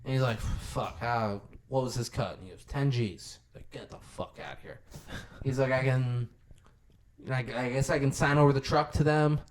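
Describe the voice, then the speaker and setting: A man's voice: mid-range voice, moderate pace, slight background noise. A man co-hosting a podcast, retelling a film's scenes in casual chat and acting out the characters' lines with lots of swearing. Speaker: podcast co-host. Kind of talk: casual movie recap chat.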